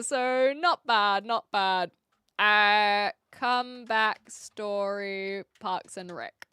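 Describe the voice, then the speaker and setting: Brief: Kiwi woman streamer, bright and giggly, posh-tinged, dry close sound. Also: mid-range voice, very slow, smooth, dry recording. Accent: New Zealand, mixed and posh-leaning. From New Zealand. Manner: playful, giggly, self-mocking. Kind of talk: casual live-stream chat.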